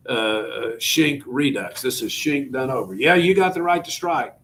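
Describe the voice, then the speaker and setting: A man's voice: mid-range voice, lively intonation, normal speed, a bit bright, slight background noise. A middle-aged man giving a classroom history lecture, asking rhetorical questions and telling students what to write down. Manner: conversational, rhetorical questions, tells students to take notes. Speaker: history teacher.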